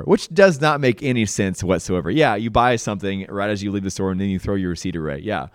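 A man's voice: on the low side, lively intonation, quick pace, few pauses, clear, resonant tone, dry recording, clean studio sound. A man casually telling a personal story as a podcast host, laid-back and self-mocking, often saying "dude". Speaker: podcast host sharing his testimony.

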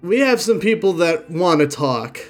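A man's voice: fairly high pitch, animated, moderate pace, faint music behind, lightly acted. A man doing a dry-spoken prisoner guide. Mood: matter-of-fact. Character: adult male guide, a bound prisoner, dry.

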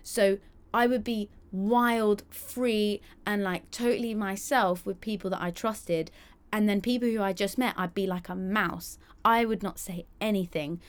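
A woman's voice: mid-range voice, steady tone, unhurried. A young woman hosting a solo podcast, chatty and candid, acting out quoted voices. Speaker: podcast host.

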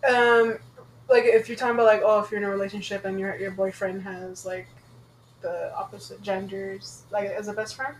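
A woman's voice: mid-range voice, flat delivery, echoey room, slight background noise, poor audio. A woman co-hosting a podcast, blunt and profane in casual chat. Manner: blunt and profane, quick to laugh along. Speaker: podcast co-host.

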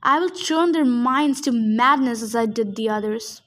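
Lady reading as a mocking old ghost king, slow and sneery, high voice. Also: lightly acted. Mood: sneering. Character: scornful ghostly king, male, old, malicious. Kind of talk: audiobook character reading.

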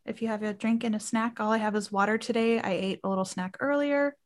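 A woman co-hosting a casual watch-along chat, reacting to a show with gushing, excitable remarks. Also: fairly high pitch, quick pace.

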